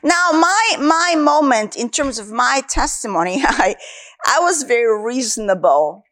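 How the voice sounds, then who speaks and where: A woman's voice: a little high, lively intonation, a little slow, fairly bright tone. A woman from Africa, a Christian minister, giving an earnest sermon with her personal testimony and repeating key phrases for emphasis.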